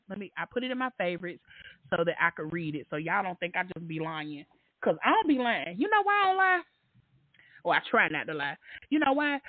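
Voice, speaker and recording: Slangy, animated woman hosting a call-in show. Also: fairly low pitch, no echo. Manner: slangy, animated and candid, swears freely. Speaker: podcast host. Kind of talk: casual call-in show chat. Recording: dry, tinny phone-like line.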